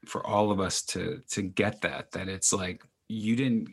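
Deep husky guy hosting a podcast, rambly and casual. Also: steady tone, a little slow. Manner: loose and rambling, heavy on fillers. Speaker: podcast host. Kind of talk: casual interview chat.

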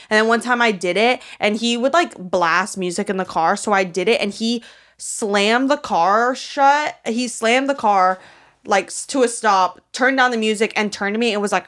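A woman's voice: mid-range voice, brisk, a bit bright. A young woman co-hosting a podcast in casual chat, blunt and brash, swearing freely. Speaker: podcast co-host.

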